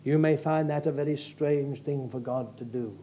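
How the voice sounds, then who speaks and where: A man's voice: mid-range voice, normal speed, lo-fi sound, a little hiss or hum. A man preaching a sermon, telling stories and acting out the people in them. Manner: storytelling, animated, acts out quotes.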